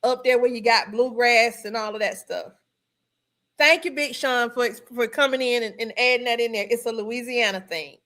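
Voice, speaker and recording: A woman from Georgia with a Southern accent hosts a relaxed livestream, her bright, slightly high voice moving at normal speed. Chatty and easygoing, she laughs often while reading viewer comments aloud.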